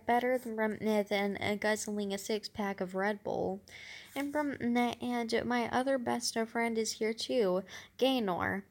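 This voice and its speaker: A woman reading a novel aloud, halting often with fillers and restarts. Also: fairly high pitch. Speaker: reader.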